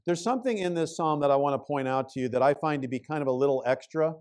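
A male pastor preaching a sermon in an earnest voice that swells and falls to a hush. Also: on the high side, fast. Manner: impassioned pleading prayer.

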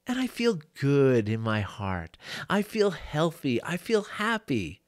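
A middle-aged male coach telling personal stories, animated, often laughing and acting out quotes. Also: a little high, takes it slowly, no echo, studio quality. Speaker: life coach. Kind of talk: reflective storytelling monologue.

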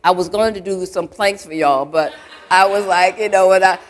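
A woman's voice: on the low side, normal speed. A woman church elder giving a conversational sermon to a live congregation in a church, peppering her talk with asides and questions to the crowd. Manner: chatty, full of "you know" asides, quizzes the congregation.

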